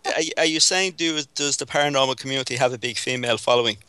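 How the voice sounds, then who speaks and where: A man's voice: mid-range voice, rapid-fire, sharp tone, clean tone, no echo. A man from Dublin with an Irish accent, a guest on a paranormal podcast, answering with dry, understated humor. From Ireland. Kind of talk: casual chat over a call.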